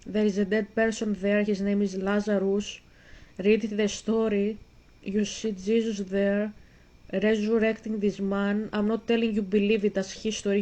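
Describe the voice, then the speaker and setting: Woman streamer, earnest and preachy, mid-pitched, flat delivery. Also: rough recording. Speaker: gaming streamer. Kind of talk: casual talk while playing a video game.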